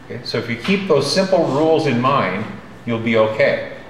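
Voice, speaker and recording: A male drawing instructor gives a lecture, direct and emphatic, often making sure his students are following. He speaks at medium pitch and a moderate pace with lively intonation. A little hiss or hum sits under the roomy classroom's faint ambience.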